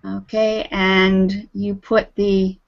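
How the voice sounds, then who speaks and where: A woman's voice: medium pitch, level tone, drawn-out words, gravelly, soft background music. A woman teaching an online English group lesson, patient and encouraging, calling on students by name. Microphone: video call audio. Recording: dull lo-fi video call audio.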